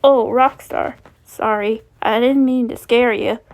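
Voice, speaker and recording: A woman's voice: a little high, fairly even intonation, a little slow, gravelly. A woman voicing a male alligator robot with a put-on Southern drawl in a storybook reading. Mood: friendly.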